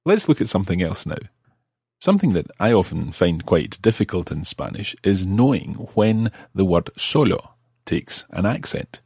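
A man, patiently explaining grammar with slow, worked examples on a language-learning podcast. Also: sits low, big pitch swings, gravelly, darkish tone, breathy edge, dry recording, clean studio sound. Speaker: language teacher.

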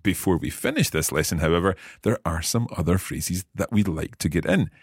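A man's voice: sits low, lively intonation, a little fast, husky, no echo, clean studio sound. A man hosting a podcast language lesson, explaining phrases in an upbeat, explanatory way. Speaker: language teacher and podcast host.

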